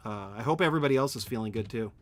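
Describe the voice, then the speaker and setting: A man's voice: mid-range voice, expressive, rapid-fire. A man thinking aloud while streaming a game at home, answering chat and often correcting himself. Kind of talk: live gameplay commentary, answering chat.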